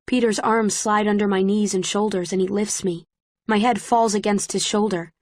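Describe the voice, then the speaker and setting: A woman's voice: mid-range voice, fairly even intonation, no room sound. Woman narrating an audiobook, dry and close. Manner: measured, present-tense storytelling. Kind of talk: first-person scripted narration.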